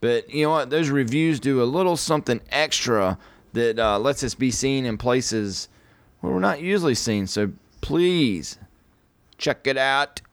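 A man's voice: medium pitch, no echo. Male podcast host, rambling casual chat, dry mic. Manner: rambling, drawn-out sign-off with playful shouts.

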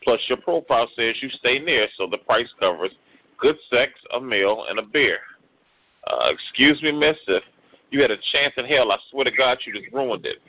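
A man's voice: mid-range voice, fairly quick, no echo. A man performing a rhyming spoken word poem with a rhythmic, exasperated delivery. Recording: tinny phone-like radio audio.

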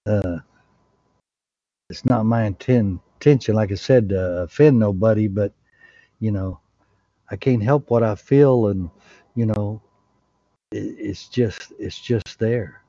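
Man on a group prayer call, slow deliberate delivery, dull lo-fi call audio. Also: lowish voice, dry recording. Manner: fervent, excitable, earnest. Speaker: call participant. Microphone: online group call.

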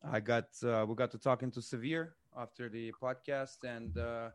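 A man's voice: mid-range voice, steady tone, normal speed, slight background noise. Russian-accented man, loose podcast chatter. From Eastern Europe. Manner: loose and profane, tags lines with "right?". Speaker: podcast co-host and rapper. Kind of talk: casual podcast chat.

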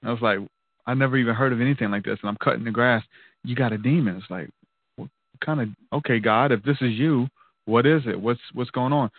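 A man's voice: mid-range voice, fast, no room sound. A man recounts a personal story in an earnest, conversational way, dropping "man" and "dude" as he goes. His voice sits in a middle register. It comes through a thin, phone-like line with a dry, close sound. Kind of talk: casual storytelling testimony.

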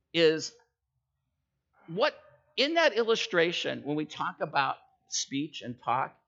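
Gravelly, bright-voiced male preacher. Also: a little high, lo-fi sound. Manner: conversational, tells jokes and stories, checks in with listeners. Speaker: pastor. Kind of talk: sermon.

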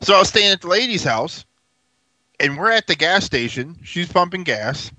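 Male podcast co-host, high and bright, slow and laid-back, swears freely. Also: very animated, no room sound, rough recording. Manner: laid-back, profane storytelling. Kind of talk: casual chat.

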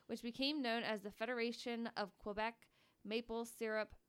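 Clear-voiced woman podcast host. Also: fairly high pitch, steady tone, moderate pace. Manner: laughs often, reads facts aloud. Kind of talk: casual podcast chat reading facts.

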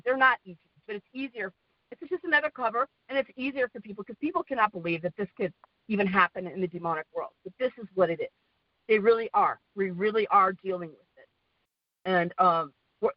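Calling in by phone to a community prayer call, a woman from the western US speaks in a mid-range voice, exhausted and rambling. Her story is full of fillers and frequent "okay?"s, and the recording is dry and muffled.

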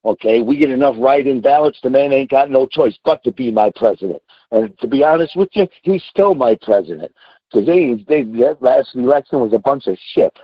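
A man's voice: mid-range voice, animated, a little fast, no room sound, lo-fi sound. A man in his sixties, a trucker calling in, ranting bluntly and cursing freely in casual talk. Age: 60s. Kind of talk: casual call-in rant.

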